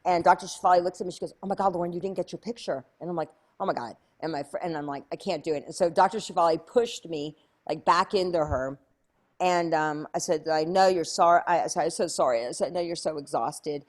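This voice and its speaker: Chatty, lively woman telling a story. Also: fairly low pitch, fast. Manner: chatty, many "like" fillers, acts out her own past lines. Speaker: guest. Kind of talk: animated storytelling in an interview.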